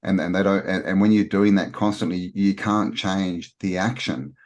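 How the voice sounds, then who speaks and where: Deep-voiced man, halting. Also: fairly even intonation, darkish tone, highs cut off. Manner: halting, many repeated words and restarts. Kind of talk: casual conversational discussion.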